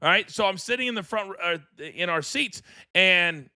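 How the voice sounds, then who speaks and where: Man, podcast co-host, slightly high voice, casual storytelling, dry close mic. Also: normal speed, dry recording. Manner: animated, acts out voices in anecdotes.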